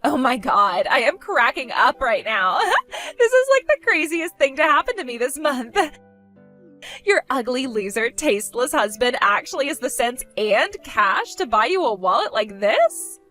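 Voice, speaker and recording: A woman's voice: high-pitched, very animated, unhurried, sharp tone, faint music behind, full character voice. A woman voicing a spoiled, vain young woman who gloats, insults and giggles in a text-story skit. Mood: mocking.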